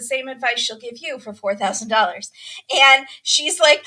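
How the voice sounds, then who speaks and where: A woman hosts a casual podcast chat, telling a story with animation and acting out quotes. Her voice is bright and sits a touch high. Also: animated, measured pace. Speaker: podcast host. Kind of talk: casual chat, recapping a reality show.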